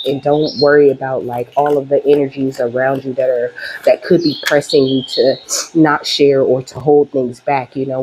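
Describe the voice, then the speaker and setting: The low-voiced, mellow host of a spiritual channel delivers a casual direct-to-camera reading, speaking straight to viewers in a chatty, emphatic way that's heartfelt and openly emotional. The audio is poor, with slight background noise.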